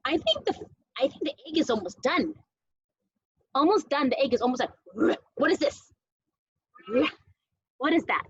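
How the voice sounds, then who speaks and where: A woman's voice: sits high, very animated, normal speed, dry recording, highs cut off. A young woman teacher cooking at home while teaching small children, talking in a playful sing-song way and making animal sounds.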